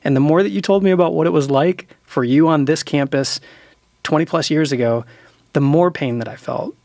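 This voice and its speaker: A man's voice: a little high, a little fast, vocal fry, darkish tone, no room sound, clean studio sound. A man in his forties, an author and pastor, talking earnestly and with emotion about friendship and apology. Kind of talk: heartfelt conversation.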